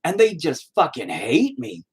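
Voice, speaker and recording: A man's voice: a little high, huge pitch swings, a little slow, creaky, slightly rough. A man streaming live as he paints, chatting casually in a profane, exasperated rant. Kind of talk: casual livestream chat.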